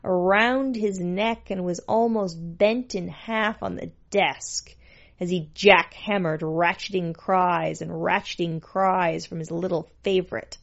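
Woman narrator, dry sardonic reading, very slow pace, dull lo-fi recording. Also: on the low side, steady tone, vocal fry. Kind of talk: scripted story narration.

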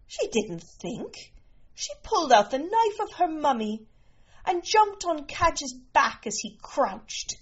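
A woman narrating a story in a slow, measured way. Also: high-pitched, sing-song, lo-fi sound.

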